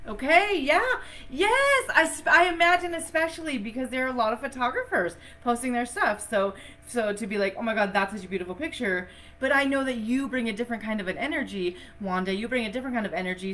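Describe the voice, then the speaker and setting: A woman's voice: a little high, a bit bright, a little hiss or hum. Chatty, effusive woman breathwork teacher. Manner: chatty and effusive, with frequent laughs and fillers. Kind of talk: casual live-stream teaching.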